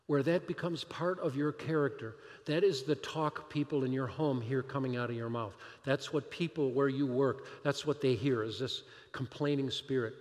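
Man, pastor, animated sermon, rhetorical questions, slightly high voice, long hall reverb.

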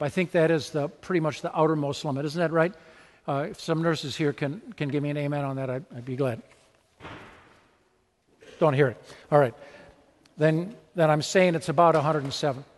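Animated preacher man in a reverberant church. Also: a little high. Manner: conversational and animated, acting out little scenes. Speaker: pastor. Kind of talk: sermon.

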